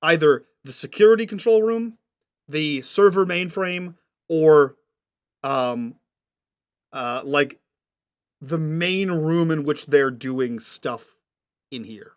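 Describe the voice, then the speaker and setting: A man's voice: on the high side, takes it slowly, pauses often, smooth. A man narrating a tabletop game as game master, describing scenes patiently and checking what the players mean.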